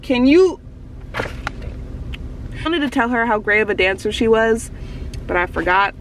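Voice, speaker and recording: A woman's voice: medium pitch, unhurried, a bit bright, far from the mic, slight background noise, rough recording. A young woman vlogger telling a story in a bubbly, gushing way, full of "like". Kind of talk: casual storytelling to camera.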